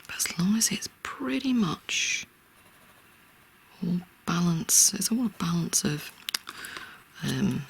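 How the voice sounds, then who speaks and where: An art tutor talking through a real-time drawing tutorial in a soft, often half-whispered, reassuring way. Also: medium pitch, very animated, slow pace, creaky, pauses often, slight background noise.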